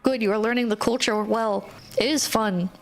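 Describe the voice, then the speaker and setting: A woman streamer telling a story in casual live-stream talk, animated and profane, filling her speech with "like" and reading viewer messages between stories. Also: a little high, normal speed. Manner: animated, profane, ranting with frequent "like" fillers.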